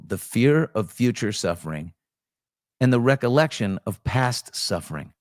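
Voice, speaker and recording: A man's voice: fairly low pitch, sing-song, normal speed, no room sound, clean studio sound. A man hosting a casual chat show, reading viewer comments off the cuff with frequent ums and restarts. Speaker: host.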